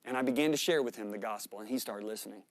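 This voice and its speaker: A middle-aged man preaching, telling a story with animated, dramatic shifts in voice as he acts out the dialogue. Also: racing, no room sound. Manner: animated storytelling, acting out dialogue with sharp rises in pitch and volume. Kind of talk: sermon storytelling.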